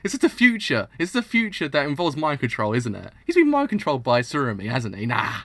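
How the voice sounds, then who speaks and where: Young male streamer, bright, lively voice, theatrical mock outrage, laughs a lot. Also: medium pitch, fairly quick, dry recording. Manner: dramatic, exaggerated mock outrage, laughs often. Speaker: streamer reacting to manga. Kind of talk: live reaction commentary.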